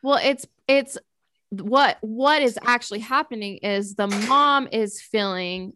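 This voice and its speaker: A woman host with a slightly high voice chats casually and with enthusiasm. Her speech runs loose, full of fillers. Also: a little slow, bright, forceful tone, slight background noise. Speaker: podcast host. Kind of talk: casual conversation.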